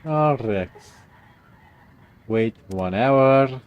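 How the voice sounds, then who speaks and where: A man streaming a video game, muttering slow, casual asides to himself. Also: medium pitch, animated, phone-quality sound. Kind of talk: casual gameplay commentary.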